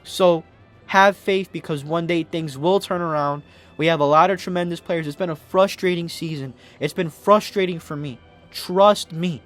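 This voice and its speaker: A young man rants to camera as a sports podcast host, fired up and emotional, near tears. His voice sits fairly high for a man, and he keeps tripping over restarts and swearing. Faint music plays behind him. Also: normal speed, a bit bright. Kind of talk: impassioned fan rant to camera.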